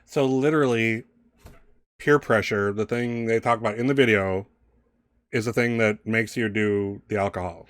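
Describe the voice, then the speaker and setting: A man's voice: fairly low pitch, normal speed, clean tone, no room sound, natural voice. A man voicing a dramatic teenage girl lecturing her brother in an exaggerated, theatrical way. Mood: preachy. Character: dramatic teenage girl, bossy little sister.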